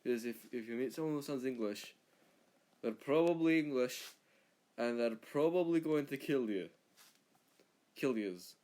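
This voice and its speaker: A man's voice: medium pitch, expressive, a little slow, long pauses, natural voice. A man doing a put-on Scottish accent, playing a blustering hostile Scotsman who rants and stumbles over his words. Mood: ranting. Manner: shouty, rambling, ranting. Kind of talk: comedic accent impression.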